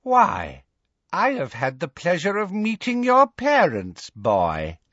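A gaunt, sadistic witch speaks in a high, gleeful voice that savors every threat, as a male narrator puts her on. The voice stays husky and dry. The sound is a little dull. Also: huge pitch swings, takes it slowly, a bit bright, dry recording, full character voice. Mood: gleeful cruel.

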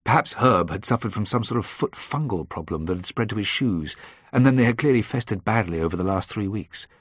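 A man reading a first-person thriller aloud in a measured, dry storytelling manner. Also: fairly low pitch, expressive, breathy edge, dry recording. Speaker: audiobook narrator.

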